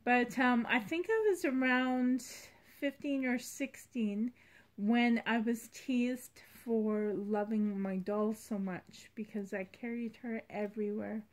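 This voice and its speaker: Woman, doll collector vlogger, slow and unhurried, slightly high voice, heartfelt rambling. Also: fairly even intonation. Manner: rambling, heartfelt, soft-spoken. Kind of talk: casual vlog chat.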